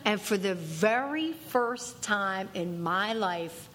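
A woman's voice: medium pitch, animated, a little slow, hardly any pauses, fairly bright tone. A woman giving a personal testimony at a recovery meeting, earnest and emphatic, repeating key lines for weight. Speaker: speaker sharing at a recovery meeting.

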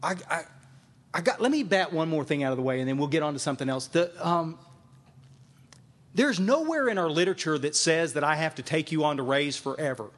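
A man's voice: a little high, lively intonation, a little fast, fairly bright tone. A man speaking to a meeting audience as a recovery sponsor, emphatic and repeating phrases for emphasis. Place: meeting room with a live audience.

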